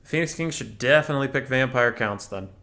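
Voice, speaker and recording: Young guy casually casting a strategy game match, chatty, jokey, mid pitch. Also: brisk, sharp tone. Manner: chatty, joking, thinks aloud. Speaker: tournament caster.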